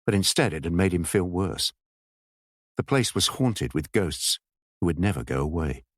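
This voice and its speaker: A man narrating an audiobook in a measured, expressive storytelling style. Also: low voice, dry recording, clean studio sound.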